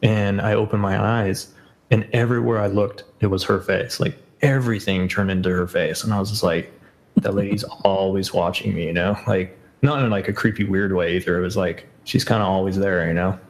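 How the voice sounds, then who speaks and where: Man, podcast guest, gravelly voice, lowish pitch, loose rambling chat. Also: fairly even intonation, a little fast, rough recording. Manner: rambling, full of fillers and self-corrections. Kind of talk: casual chat.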